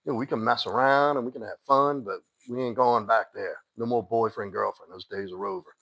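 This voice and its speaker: A man's voice: mid-range voice, fairly quick, gravelly, a bit bright, poor audio. A man giving blunt dating advice on a live stream, talking straight to one listener and cursing casually. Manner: blunt, direct, curses casually; addresses a listener by name, firm and insistent. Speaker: dating coach.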